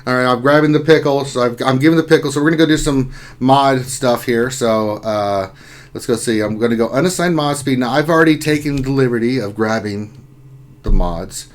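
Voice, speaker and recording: A man hosting a relaxed lunchtime stream, talking in an easy, joking way. He reads out viewer comments and greets people, his voice sitting in an ordinary middle register. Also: mid-range voice, brisk. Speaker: livestream host. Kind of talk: casual livestream chat.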